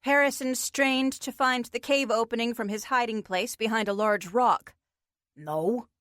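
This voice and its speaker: A woman narrating a fantasy audiobook in a measured, expressive way. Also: on the high side, no room sound, studio quality. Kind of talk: scripted fiction narration.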